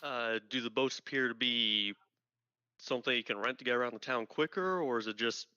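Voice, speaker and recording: A man's voice: mid-range voice, brisk, sharp tone, clean tone, dry recording, muffled recording. A man playing a tabletop game, speaking in character with a wobbly put-on accent. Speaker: player.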